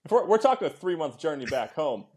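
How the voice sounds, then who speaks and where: A man's voice: on the high side, big pitch swings, fast talker, darkish tone, husky. A man co-hosting a podcast, adding profane, joking asides in casual banter. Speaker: podcast co-host.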